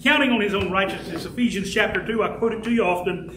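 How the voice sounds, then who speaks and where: A man preaching a fervent sermon as pastor, building to shouts and slowing down to stress key words. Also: high voice, noisy background. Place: church sanctuary. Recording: echoey church room with faint ambience.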